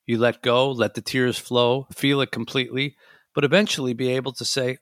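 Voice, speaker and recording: Measured man reading a memoir. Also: mid-range voice, flat delivery, dry recording, clean studio sound. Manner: measured, reflective. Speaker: audiobook reader and podcast host.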